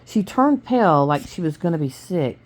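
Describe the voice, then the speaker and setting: A woman reading a novel aloud to her family in plain, steady storytelling with small stumbles. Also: fairly low pitch, moderate pace, a little hiss or hum. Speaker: family reader.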